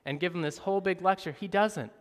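A man preaching a sermon, moving between soft, slow passages and loud, emphatic ones. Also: high-pitched. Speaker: pastor. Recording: reverberant hall.

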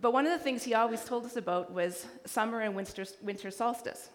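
A woman's voice: a little high, fairly quick, slight background noise. A Canadian woman giving a sermon, telling a story and acting out the voices of people she met. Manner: animated storyteller acting out dialogue. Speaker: guest preacher. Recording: hall reverb.

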